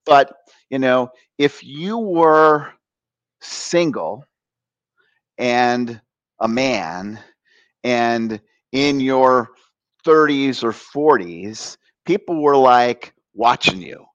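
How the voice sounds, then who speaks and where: A middle-aged man telling a personal story on a talk show, animated and laughing as he acts out the voices of others. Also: medium pitch, drawn-out words, no room sound, lo-fi sound. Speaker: guest.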